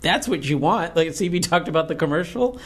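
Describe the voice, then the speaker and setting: A man co-hosting a podcast in casual chat, relaxed and joking. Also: a little high, fairly quick. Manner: relaxed, joking, says "dude". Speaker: podcast co-host.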